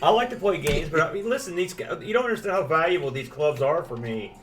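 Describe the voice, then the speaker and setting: A man's voice: a little high, expressive, fast talker, recorded from a distance, music in the background. A man co-hosting a live stream, chatting casually and enthusiastically with frequent restarts. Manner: rambling, enthusiastic, many restarts. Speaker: podcast co-host. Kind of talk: casual chat.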